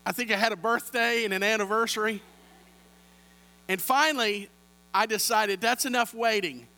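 A man's voice: sits high, moderate pace, pushed and bright, in a large hall. A man, preaching a sermon with humorous stories and playful asides to the congregation, on a handheld microphone. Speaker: pastor.

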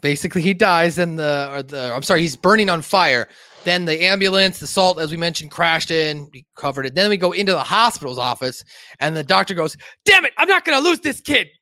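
A man's voice: fairly high pitch, fairly quick, bright, forceful tone, no echo. A man hosting a podcast in casual chat, retelling at length with many fillers and swearing. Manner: rambling, profane retelling full of fillers.

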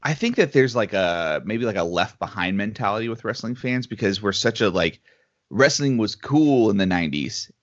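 A man's voice: fairly low pitch, expressive, normal speed. A man co-hosting a casual podcast chat, thinking aloud with lots of fillers. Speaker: podcast co-host. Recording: slightly dull lo-fi audio.

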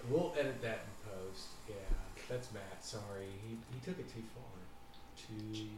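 A man's voice: lowish voice, a little slow, recorded from a distance, background noise. A man narrating a tabletop game as game master in a loose, joking way. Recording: very echoey room, voice off-mic.

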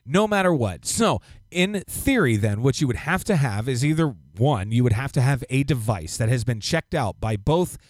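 Animated, profane podcast man ranting. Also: medium pitch, moderate pace, hardly any pauses, no echo, clean studio sound. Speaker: podcast co-host. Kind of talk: casual chat.

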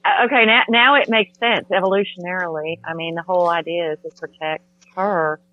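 A man chatting on a podcast in an excitable, joking way. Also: high-pitched, a little fast, dull audio. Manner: excitable, bursts of cheering. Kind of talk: casual podcast chat.

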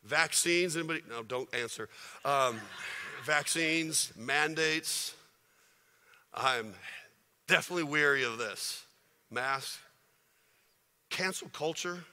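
A man preaching a sermon to his congregation, chatty and full of rhetorical questions, building to forceful passages. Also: fairly high pitch, slow, pauses often. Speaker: pastor. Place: church sanctuary. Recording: reverberant hall.

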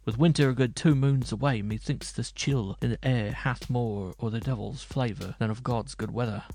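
A man's voice: mid-range voice, moderate pace, darkish tone, close to an everyday voice. A man voicing a boastful, hungry bearded male minstrel who talks in old-fashioned, mocking speech. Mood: grumbling.

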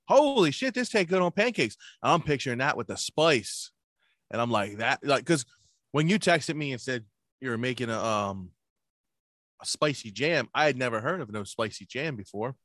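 A man co-hosting a podcast, telling stories in casual chat with lots of swearing, jumping his voice up high when he acts out what people said. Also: animated, normal speed, fairly bright tone, no echo, studio quality. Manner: profane storytelling, acts out quoted people in a raised voice. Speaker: podcast co-host.

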